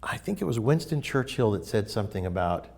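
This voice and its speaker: A man teaching in a casual spiritual talk, emphatic and animated as he tells stories. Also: on the low side, brisk, creaky.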